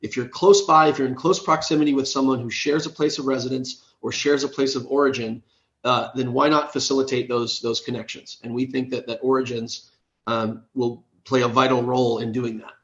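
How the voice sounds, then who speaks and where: A man's voice: medium pitch, fairly even intonation, a little fast, a bit bright, roomy sound, lo-fi sound. A man, an app co-founder, casually telling a story in a podcast interview, often checking in with "right?". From United States.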